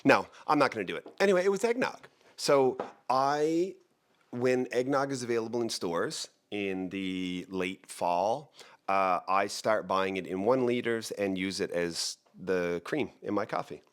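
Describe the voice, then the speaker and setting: Man, very deep voice, real estate show host, casual talk to camera, rambling, joking, keeps cutting himself off. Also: measured pace, clean tone. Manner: rambling, joking, self-interrupting.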